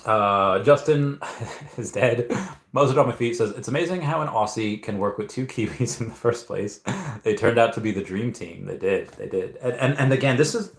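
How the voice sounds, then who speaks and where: A man's voice: medium pitch, moderate pace, gravelly. A young man hosting a casual livestream Q&A, reading chat and rambling with frequent restarts and repeated words. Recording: echoey room.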